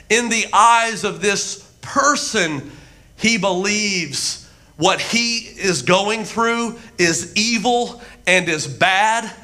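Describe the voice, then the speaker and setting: A pastor preaches in a high, bright voice. He tells stories with animated humor and acts out the voices of the people in them. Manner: animated storytelling, acting out voices. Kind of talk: sermon. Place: church.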